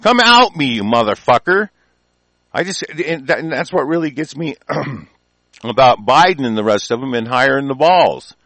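A man's voice: medium pitch, expressive, moderate pace, a bit bright, no room sound. A man from the United States delivering an angry political rant, profane and combative throughout.

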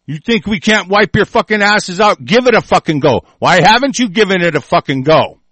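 A man's voice: high voice, expressive, fairly quick, fairly bright tone, no room sound. Furious ranting man, dry sound. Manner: furious, profane, threatening tirade. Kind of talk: angry on-air rant.

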